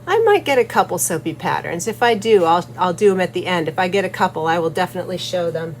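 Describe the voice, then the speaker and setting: A cheerful, giggly woman with a fairly low voice talks quickly and animatedly while making soap in her studio for the channel she hosts. The audio is poor, with slight background noise.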